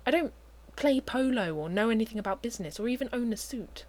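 A woman voicing an easygoing young man who teases and gets flustered, his lines pitched a little higher than her narration. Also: lively intonation, fast talker, a little mellow. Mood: wry.

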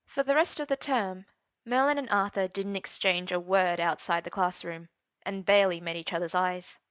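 Female story narrator, intimate dramatic reading, dry close recording, mid pitch. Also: normal speed, fairly bright tone, clean tone, dry recording. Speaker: story reader.

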